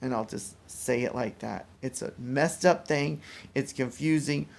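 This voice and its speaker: Weary man with a very gravelly voice. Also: mid-range voice. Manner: weary, rambling, halting restarts. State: mentally exhausted. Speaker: vlogger. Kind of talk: casual personal vlog.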